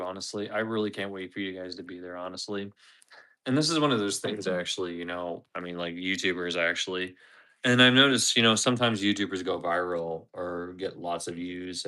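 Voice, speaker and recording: Philly guy in his 30s, lowish but bright punchy voice, rambling live stream chat on his phone outdoors. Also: steady tone, a little fast. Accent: Philadelphia. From Philadelphia. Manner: rambling, chatty, laughs often, repeats himself. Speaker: livestream host. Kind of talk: casual livestream chat. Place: outdoors in a parking lot.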